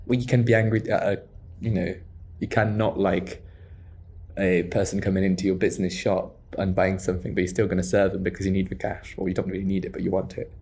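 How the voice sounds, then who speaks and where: Mellow-voiced male podcast co-host. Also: deep voice, fast talker, gravelly, husky. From half French. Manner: relaxed, laughs often, hesitant fillers when explaining. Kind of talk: casual chat.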